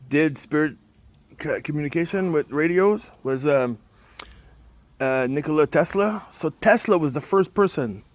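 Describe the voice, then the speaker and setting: A man's voice: fairly high pitch, no room sound. A man telling a rambling, emotional story in casual talk, often repeating himself. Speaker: spirit communication vlogger. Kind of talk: casual monologue.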